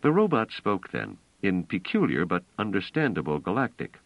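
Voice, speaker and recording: A man narrating an audiobook in a measured storytelling way. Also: on the low side, sing-song, creaky, no echo. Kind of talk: scripted narration. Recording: dull lo-fi dry recording.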